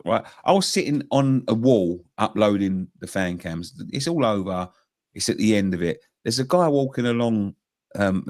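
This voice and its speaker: A man hosting a casual football panel and telling stories in a chatty way. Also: on the low side. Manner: lively storyteller, chatty.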